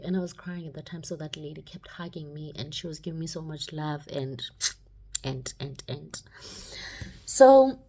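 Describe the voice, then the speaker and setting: A young woman telling a personal story in a casual, animated way, acting out the dialogue. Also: deep voice, moderate pace, husky. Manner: animated, acts out the dialogue, many "like"s.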